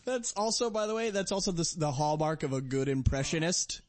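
A man jokes around in a loose comedy chat and keeps things light. His voice is high and very lively. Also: a little fast, dry recording. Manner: joking, laughing.

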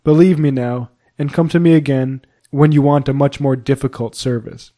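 A man reading the part of a quick, spirited young lady with brisk, impatient replies, lifting his voice a little higher. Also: fairly even intonation, mellow, natural voice.

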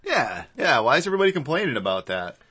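A man co-hosting a comedy podcast in casual, laid-back chat, slangy and quick to laugh. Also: mid-range voice, big pitch swings, bright, forceful tone, slightly rough. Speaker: podcast co-host.

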